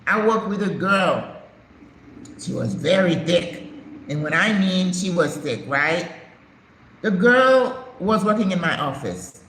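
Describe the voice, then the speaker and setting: A woman's voice: lowish voice, very animated, slow, pauses often, a bit bright. Emphatic older woman in echoey room. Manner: emphatic, storytelling, preachy asides. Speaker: retired nurse practitioner, channel host. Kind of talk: casual live-stream chat. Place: home in Panama. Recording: echoey room with faint background noise.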